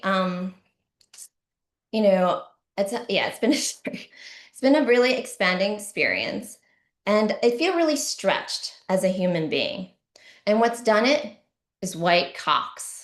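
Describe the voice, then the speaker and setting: A middle-aged woman performing a stand-up comedy set, with deadpan punchlines and sudden shouty bursts. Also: mid-range voice. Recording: roomy echo.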